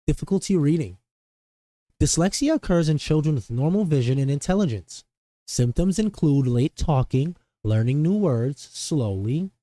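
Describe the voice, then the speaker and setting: A man putting on his stiff, formal reading-aloud voice, slow and over-enunciated. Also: fairly high pitch, warm tone, dry recording, close to an everyday voice.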